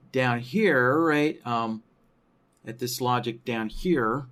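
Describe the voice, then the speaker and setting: A man teaching trading software in a screen-recorded tutorial, thinking aloud with many fillers and a habitual "right?" after his points. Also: medium pitch. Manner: thinking aloud, frequent tag question "right?"; many fillers like "you know" and "um".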